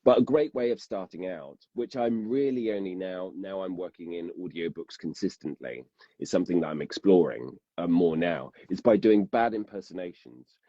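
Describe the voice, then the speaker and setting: Low-voiced chatty male narrator. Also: moderate pace, dark tone, no echo, dull audio. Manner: self-deprecating, chatty, many fillers. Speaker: guest audiobook narrator. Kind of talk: casual interview chat.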